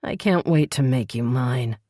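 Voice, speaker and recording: A hungry, tender vampire prince, his voice dropped low and rough as he murmurs close , as a woman narrator plays him. The audiobook sound is dry and close. He is intimate and husky, never loud. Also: a little slow, dry recording. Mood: teasing.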